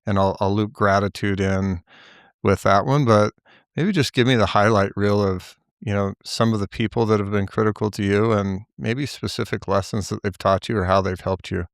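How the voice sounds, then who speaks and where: A man hosting a podcast, asking his guest slow, deliberate questions. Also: fairly low pitch, fairly even intonation, smooth, no echo, studio quality. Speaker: podcast host. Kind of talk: interview questions.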